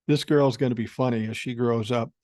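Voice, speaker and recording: A man's voice: medium pitch, steady tone, fairly quick, darkish tone, no room sound, studio quality. A man in his sixties hosting a podcast, reading listener mail and telling rambling stories in a blunt, profane way. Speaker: podcast host. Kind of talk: casual podcast talk reading listener email.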